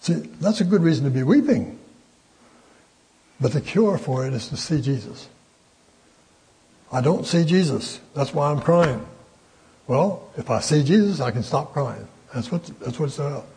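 An older man teaching a Bible study in a folksy, conversational way, pausing often with fillers. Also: mid-range voice, expressive, dark tone, breathy edge, low-quality recording.

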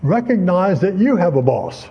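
A man's voice: sits high, big pitch swings, normal speed, mellow, breathy edge, dull audio. An older man teaching a Bible lesson in a folksy, conversational way, full of asides and personal anecdotes. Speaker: preacher.

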